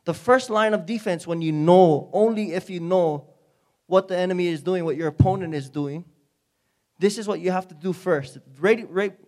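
High-voiced man preaching. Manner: energetic preaching, calls out to the congregation. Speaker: speaker at a church service. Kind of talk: sermon. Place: church before a congregation.

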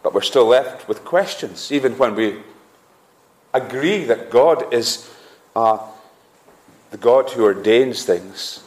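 Earnest man preaching in an echoey hall. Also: medium pitch. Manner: earnest, rising emphasis on key phrases, frequent "uh" restarts. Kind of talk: sermon.

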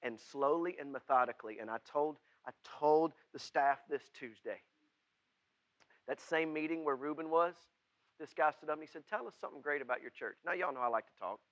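Male pastor, sermon, folksy plain talk, bright forceful voice, muffled recording. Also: on the high side, moderate pace, dry recording. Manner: swings from loud preaching to quiet, intimate asides; folksy and plain-spoken, with southern-style words.

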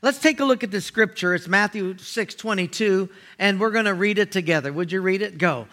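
A male guest pastor preaching with a high, bright voice. He is folksy and jokes with his listeners, moving between playful asides and teaching. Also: fairly quick. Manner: folksy, joking, animated. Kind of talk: sermon.

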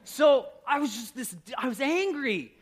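A middle-aged man from Minnesota, a pastor preaching a sermon with personal stories, animated and laughing at himself. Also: very high-pitched, unhurried. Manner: animated, self-mocking storyteller who laughs at himself.

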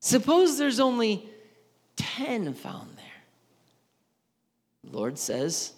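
Animated high-voiced male preacher in a hall. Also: extremely slow, long pauses. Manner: animated storytelling, acting out both sides of the dialogue. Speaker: pastor. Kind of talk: sermon. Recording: long hall reverb.

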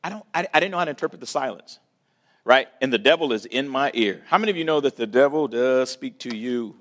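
Speaking fast with lively intonation and a medium-pitched voice, a man tells a personal story during a church talk. He preaches it, voices the people he quotes, and moves from loud to hushed and back.

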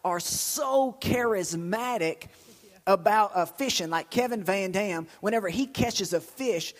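A middle-aged man with a drawl delivers a sermon in a church. His voice sits high for a man and he tells stories with sudden shouts and stumbling repeats. The sound carries a long reverb from the hall. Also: a little slow. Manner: lively storytelling with shouts and repetitions. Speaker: pastor.

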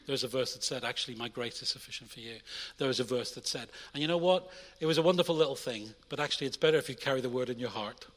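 A young adult man preaching a sermon in a church, energetic, swinging between loud urging and quiet intimate asides. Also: mid-range voice, fast, few pauses, in a large hall. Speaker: pastor.

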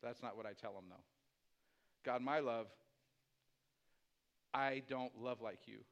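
A man preaching a sermon as pastor, swinging from hushed, low asides to loud, climbing emphasis. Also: fairly even intonation, a little slow, highs cut off.

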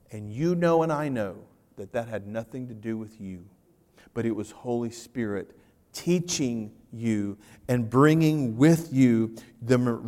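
A man preaching a sermon as pastor, animated, swinging from loud to hushed and repeating his phrases. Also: mid-range voice. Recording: reverberant church hall.

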